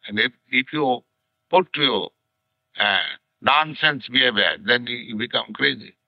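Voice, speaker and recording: An older man from India with an Indian accent lectures on scripture in slow, deliberate phrases full of pauses, on an archival 1960s lecture tape. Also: medium pitch, vocal fry, no echo, highs cut off. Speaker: spiritual teacher.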